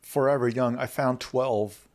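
A man's voice: mid-range voice, steady tone, a little slow. A man talking casually about movie trailers on a podcast, musing and opinionated, with frequent restarts. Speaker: podcast panelist.

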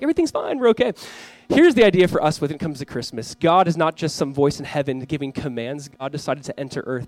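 In a low-quality, dry recording, a pastor in his thirties preaches on Christmas Eve with a slightly high voice. He's earnest, reads scripture at a slow pace and acts out scenes from family life.

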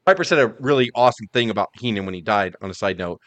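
Fast-talking profane male podcaster. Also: lowish voice, animated, a bit bright. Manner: profane, storytelling, quick impressions of others. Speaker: podcast co-host. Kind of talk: casual chat about wrestling.

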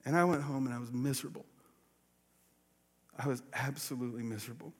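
A pastor telling a personal story in a sermon, acting out the voices of the people in it. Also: male voice, medium pitch, steady tone, quick pace, pauses often. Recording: long reverb of a large hall.

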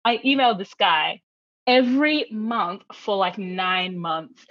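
A woman guest telling a long story in casual chat, animated, laughing often and acting out the people she quotes. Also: medium pitch, a little slow, dry recording, lo-fi sound.

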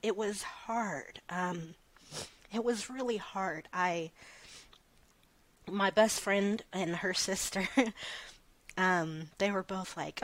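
A woman in her thirties telling a personal story in an interview, soft-spoken and hesitant with many fillers. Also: mid-range voice, very slow, long pauses, dry recording. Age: 30s. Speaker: interview guest.

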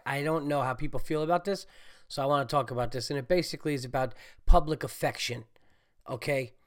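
A congested man, a stand-up comedian and podcast host, talking in a rambling, animated monologue full of fillers and swearing. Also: mid-range voice. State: congested, getting over a cold. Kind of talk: casual solo podcast monologue.

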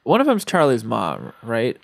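A man with a very lively, swooping voice recounts a movie on a podcast. He halts and restarts often as he searches for details. The recording is dry and close. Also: mid-range voice, creaky, no echo. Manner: halting, stammering retellings. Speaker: podcast co-host. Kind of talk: casual movie chat.

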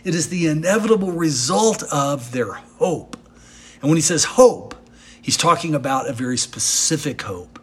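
A man preaching a sermon in a husky voice that sits a little high for a man. His delivery is earnest and emphatic, and his pitch swings widely as he presses each point home with rhetorical questions. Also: expressive, moderate pace, a bit bright. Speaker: pastor.

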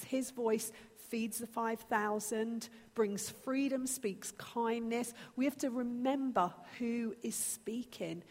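Woman in her thirties, preacher, slow and deliberate, earnest and animated, church hall reverb. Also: on the high side. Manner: earnest, animated, acts out her own pleas to God. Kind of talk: sermon.

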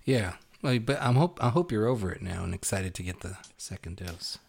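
A man's voice: on the low side, expressive, a little fast, vocal fry, darkish tone, breathy edge. A man hosting a podcast, telling anecdotes in a wry, dry way. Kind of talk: casual chat.

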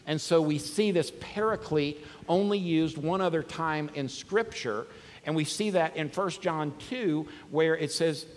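A man preaching a sermon in a casual, conversational way with slangy asides. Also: fairly high pitch. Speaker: pastor. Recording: long hall reverb.

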